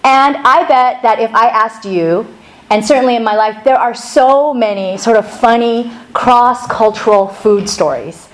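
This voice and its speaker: Middle-aged woman preacher with a somewhat high voice, telling a casual, animated story from the pulpit. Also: unhurried, poor audio. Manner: chatty, animated storytelling with laughs. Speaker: pastor. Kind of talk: sermon opening with a personal story.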